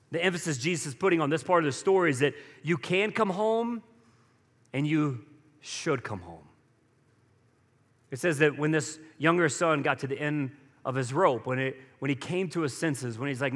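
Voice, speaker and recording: A man's voice: a little high, fairly quick, a bit bright. Conversational male pastor in a reverberant hall. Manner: conversational, acts out quotes with rising energy. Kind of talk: sermon.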